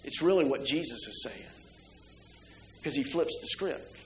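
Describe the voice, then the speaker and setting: A man's voice: a little high, wildly swooping pitch, a little slow, echoey room, a little hiss or hum, low-quality recording. A middle-aged man preaching a sermon to his congregation in a church, talking conversationally and asking the listeners many rhetorical questions. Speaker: pastor. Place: church sanctuary.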